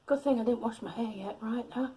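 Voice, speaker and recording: A woman's voice: on the high side, brisk, mellow, slightly rough. A woman in her fifties chatting through her day at home in a casual vlog, out of breath, laughing often and cooing at her cats. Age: 50s. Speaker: vlogger.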